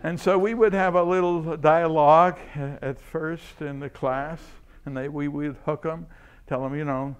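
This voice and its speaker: A man's voice: a little high, fairly even intonation, a little slow, clean tone. An older man, a chemistry professor, tells enthusiastic stories during a seminar and chuckles often. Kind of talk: anecdotal lecture.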